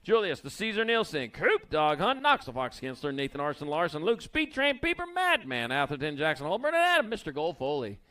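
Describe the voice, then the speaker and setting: A man announcing BMX races live at an outdoor track, calling the riders with playful nicknames in a quick, folksy manner. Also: fairly high pitch, huge pitch swings, bright, forceful tone. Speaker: race announcer. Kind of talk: live race commentary.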